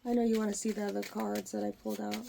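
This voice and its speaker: A woman's voice: mid-range voice, level tone, rapid-fire, vocal fry, noisy background. A woman with a mid-range voice gives a casual tarot reading to camera. She explains in a loose, rambling way, often stopping and restarting her sentences. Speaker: tarot reader.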